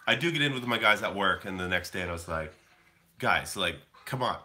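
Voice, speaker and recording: A man's voice: low voice, lively intonation, brisk, sharp tone. A man in his thirties from Canada, rambling casually to his livestream viewers and answering the chat. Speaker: livestream host.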